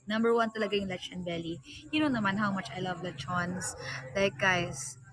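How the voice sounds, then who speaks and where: A woman's voice: medium pitch, normal speed, a bit bright. A young woman with a Filipino accent, chatting casually to viewers on a livestream and easily mixing in Tagalog. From Philippines. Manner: chatty, switches between English and Tagalog. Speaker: livestream host.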